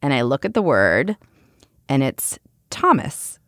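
A woman's voice: extremely low pitch, very animated, measured pace, a bit bright, no echo, clean studio sound. A woman in her thirties, a podcast co-host chatting casually, rambling through stories with frequent fillers and laughs. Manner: rambling storyteller, laughs often. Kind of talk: casual chat.

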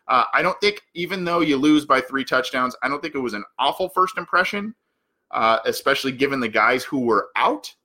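Bright-toned man breaking down football. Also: lowish voice. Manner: thinks aloud, many fillers and restarts. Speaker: sports podcast host. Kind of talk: solo sports analysis talk.

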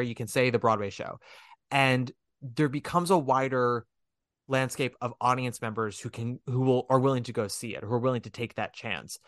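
A man chatting casually as a podcast host, rambling and animated, with a self-deprecating, frank manner. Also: mid-range voice, no echo, clean studio sound. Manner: swears casually. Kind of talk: casual chat.

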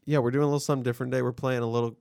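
A man's voice: medium pitch, level tone, very fast, creaky, darkish tone, dry recording, clean studio sound. A man co-hosting a casual podcast chat, blunt and teasing. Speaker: podcast co-host.

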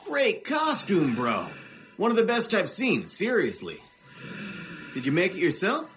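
A man's voice: high voice, wildly swooping pitch, measured pace, fairly bright tone, slight background noise, exaggerated voice. An actor playing a laid-back young man who talks in a casual, joking, slangy way, as audio drama acting.

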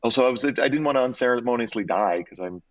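A man, an actor and guest in an interview, telling stories in an animated and expressive way with frequent restarts. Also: medium pitch, fast, no echo. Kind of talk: conversational interview storytelling. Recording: slightly dull, dry audio.

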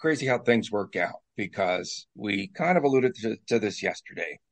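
A man's voice: fairly low pitch, sing-song, normal speed, gravelly. A man co-hosting a sports podcast, rambling and joking through casual chat and the show's sign-off. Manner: rambling, jokey sign-off banter. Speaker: podcast co-host.

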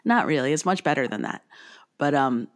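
A woman's voice: low voice, fairly quick. A woman co-hosting a podcast, chatting casually and reading the show's closing plugs with chatty energy. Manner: chatty, animated, reads plugs with lifts. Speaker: podcast co-host. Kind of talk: casual podcast chat and outro.

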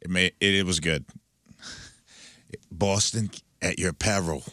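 A man co-hosting a morning radio show, joking around and now and then breaking into loud shouted bits. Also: deep voice, a little slow, no room sound, clean studio sound. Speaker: radio co-host.

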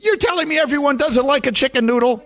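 A man hosting a sports radio show in a studio, arguing in casual banter, animated and indignant. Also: extremely high pitch, vocal fry. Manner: animated, indignant, quick to argue.

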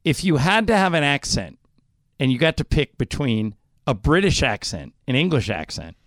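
A middle-aged man hosts a talk radio show, spinning stories with animated asides. His voice sits in a dry, close studio sound with no room echo. He talks at an everyday middle pitch. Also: normal speed. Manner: chatty storyteller, animated asides. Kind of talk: casual talk radio banter.

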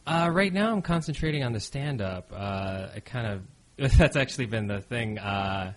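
A man from Las Vegas, a stand-up comedian, answering interview questions in a hesitant way with many fillers and soft laughs. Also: mid-range voice, expressive, moderate pace, rough recording. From Las Vegas, USA. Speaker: comedian guest. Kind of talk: casual interview.

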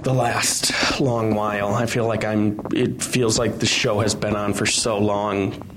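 A man's voice: fairly low pitch, level tone, a little slow, background noise. A man co-hosting a podcast, chatting loosely with self-deprecating, rambling asides. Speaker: podcast co-host, website editor. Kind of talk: casual news chat.

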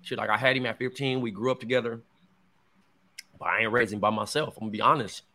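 A man's voice: medium pitch, quick pace, pushed and bright. A man in his thirties, a podcast co-host, telling a personal story in casual chat, full of slang and swearing. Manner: candid storytelling, heavy slang and profanity.

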